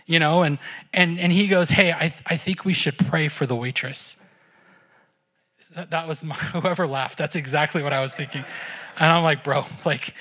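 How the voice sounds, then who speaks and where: A man's voice: a little high, a bit bright. Earnest conversational male preacher. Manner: earnest, conversational, repeats words when starting phrases. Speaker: pastor. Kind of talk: sermon and closing prayer. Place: church.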